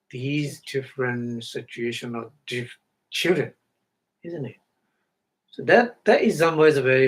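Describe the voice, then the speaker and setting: A man whose first language is Burmese gives a dharma talk at an unhurried, deliberate pace. His English is halting and full of fillers and repeated words, and he chants Pali passages now and then. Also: mid-range voice. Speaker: meditation teacher.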